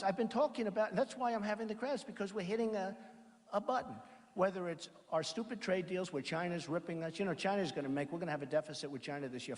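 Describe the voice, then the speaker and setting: A man giving a campaign rally speech in a large packed auditorium, rambling and repetitive, reading out quotes and then riffing on them. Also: high-pitched. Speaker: campaign speaker. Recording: long reverb of a big hall. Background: crowd in a large hall.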